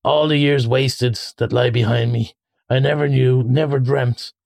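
A man voicing a dazed male toad in a storybook reading, murmuring in a dreamy monotone. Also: medium pitch, unhurried, creaky, dry recording.

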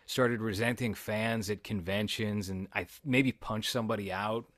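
Low-voiced man, laid-back rambling. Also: steady tone, moderate pace, fairly bright tone, no echo. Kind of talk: casual chat.

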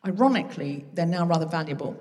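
A woman's voice: fairly low pitch, lively intonation, fast, a little mellow, far from the mic, slight background noise. Woman hosting live comedy in a hall. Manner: playful, bantering with the audience. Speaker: comedy podcast host. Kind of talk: live stand-up crowd work. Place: large theatre with a live audience. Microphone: stage microphone.

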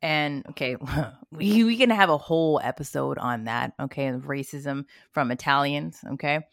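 Woman, podcast co-host, animated storyteller, from Canada, dry sound. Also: sits low, normal speed, creaky, no room sound. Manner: animated storytelling with quoted asides. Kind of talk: casual chat.

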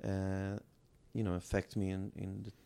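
A man's voice: deep voice, little pitch movement, gravelly, dark tone, smooth. A man from Israel, a film director, talking earnestly about his work in an interview, often restarting his sentences. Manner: earnest, halting with many restarts. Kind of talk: interview conversation.

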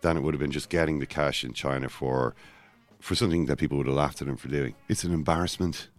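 A man co-hosting a casual football podcast, talking in rambling, self-interrupting runs with animated asides. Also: rumbling low, quick pace, faint music behind. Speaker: podcast co-host.

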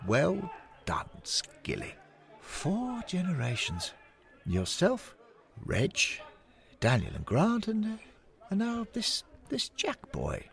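A man's voice: high-pitched, huge pitch swings, slow pace, creaky, voice pushed up, heavily acted. A man voicing an enthusiastic older male ghost who speaks eagerly and exclaims often. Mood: delighted. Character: warm-hearted old male ghost, enthusiastic old friend.

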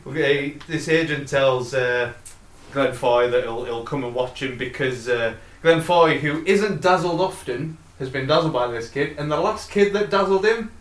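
A man co-hosting a casual film review podcast, sweary and quick to laugh. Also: mid-range voice. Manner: sweary, laughs often, rambling. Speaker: podcast co-host. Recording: echoey room.

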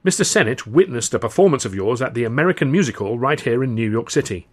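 A man voicing a polite, formal lawyer who talks in a measured, slightly hesitant way. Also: medium pitch, lively intonation, natural voice. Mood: flustered. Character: flustered formal male lawyer, polite and fussy.

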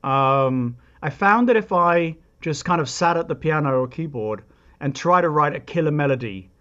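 Thoughtful man, slightly high voice. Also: lively intonation, moderate pace, fairly bright tone, lo-fi sound. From England. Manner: thoughtful, reflective, with frequent restarts and asides. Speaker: composer, guest. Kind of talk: explanatory interview talk.

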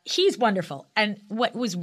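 A woman in her sixties, an actress and guest, chatting animatedly and telling lively stories in a casual interview. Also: mid-range voice, moderate pace.

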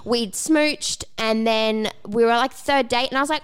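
A woman co-hosting a podcast, telling a story in casual chat, animated and acting out the lines she quotes, with some swearing. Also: on the high side, a little slow, clean tone. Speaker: podcast co-host.

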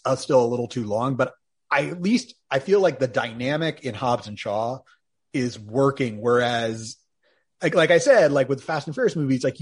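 A man's voice: medium pitch, slightly rough. A man co-hosting a podcast in casual chat, wry and sarcastic, often laughing at his own jokes. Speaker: podcast co-host.

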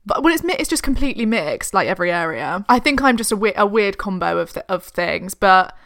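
A woman's voice: mid-range voice, big pitch swings, a little fast, a bit bright, no room sound, studio quality. A young woman with a posh southern English accent, co-hosting a podcast in casual chat and talking in an agreeable, reflective way. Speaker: podcast co-host.

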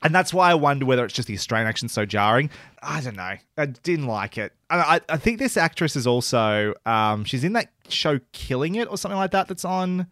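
Male podcast co-host, hesitant, self-conscious; animated pitch, dry recording. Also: brisk, no room sound. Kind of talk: casual TV review chat.

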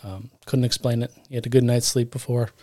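A man of middle pitch tells a story on a podcast, speaking casually and jokily. He rambles, restarts lines and corrects himself as he goes. The sound is a plain studio podcast mic. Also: steady tone, fairly quick, mellow, no echo. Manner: rambling, self-correcting, jokey. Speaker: podcast co-host.

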